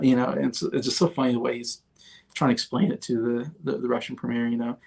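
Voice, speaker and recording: A man's voice: medium pitch, flat delivery, normal speed, gravelly, a little mellow. A man in his thirties hosting a casual movie review livestream, chatty and rambling, with many fillers and restarts. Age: 30s. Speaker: host.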